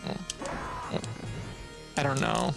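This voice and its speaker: A livestreamer from Canada, casually commenting on gameplay while ranting in an exasperated, profane way. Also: slow. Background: video game music.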